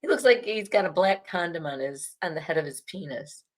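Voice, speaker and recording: A woman's voice: fairly low pitch, expressive, fairly quick. Giggly woman in silly casual chat. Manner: giggly, silly, tries put-on accents. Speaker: co-host.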